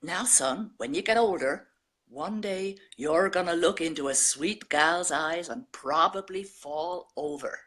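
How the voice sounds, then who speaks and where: A woman's voice: on the low side, a little slow, fairly bright tone, husky. A woman voicing an American father giving his son fishing advice, in a put-on American accent. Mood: fatherly. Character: old American fisherman dad giving advice.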